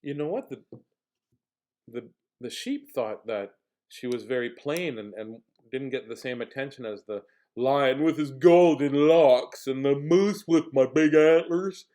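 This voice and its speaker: A man's voice: medium pitch, measured pace, mellow. A man reading a picture book aloud, playful with jokes and asides. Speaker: storybook reader.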